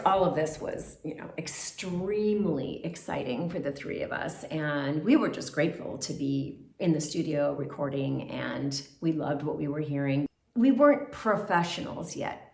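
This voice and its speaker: A woman telling her career story in a casual, animated way with chatty fillers. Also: low-pitched. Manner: animated, acts out quoted voices, chatty fillers. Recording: roomy echo.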